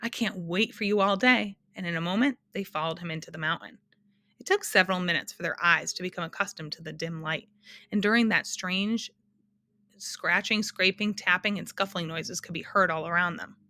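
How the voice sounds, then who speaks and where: A woman's voice: lowish voice, a little fast, pushed and bright. Woman reading a storybook aloud. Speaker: narrator.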